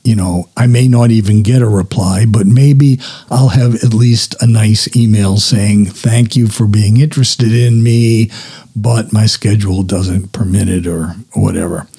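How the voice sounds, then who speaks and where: A man's voice: lowish voice, steady tone, unhurried, dark tone, breathy edge. A man hosting his own podcast, chatting casually and self-deprecatingly, swearing now and then. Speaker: podcast host. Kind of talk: casual solo podcast talk.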